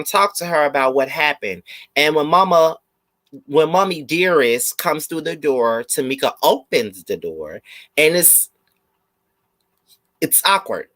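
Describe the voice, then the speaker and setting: A man chatting casually through a live review of a TV episode. He is animated and slips into mocking impressions. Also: a little high, dry recording.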